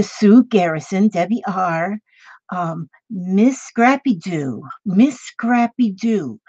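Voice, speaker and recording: A woman's voice: lowish voice, warm tone, husky, no echo. Chatty older woman, lo-fi dry sound. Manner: rambling, chatty, greets viewers by name. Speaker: crafting livestream host. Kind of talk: casual livestream chat.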